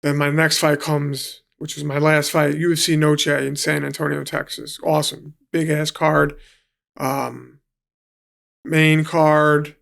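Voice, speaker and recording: NY man, gravelly and a bit high-pitched, casual guest storyteller who swears a lot. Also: little pitch movement, slow pace, fairly bright tone. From New York City. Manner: swears freely, acts out quotes. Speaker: guest, professional fighter.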